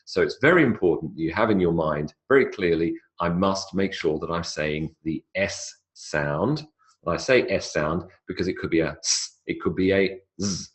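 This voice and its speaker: A man giving an English pronunciation lecture, stretching out example words slowly and jumping up in pitch to stress them. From not South America. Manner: slow, drawn-out model words, lively pitch jumps on examples. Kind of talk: classroom lecture.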